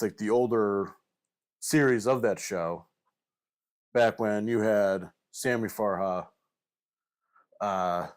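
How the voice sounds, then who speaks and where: A man's voice: fairly low pitch, clean tone. A young man hosting a casual poker podcast, easygoing and full of fillers as he guides the segments. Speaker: podcast host running segments.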